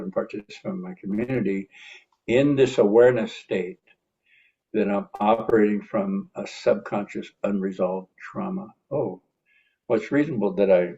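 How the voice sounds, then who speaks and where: Gravelly, husky middle-aged man. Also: on the low side, darkish tone, muffled recording. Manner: earnest, self-reflective, with frequent restarts and sighs. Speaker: recovery and personal growth speaker. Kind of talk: reflective monologue.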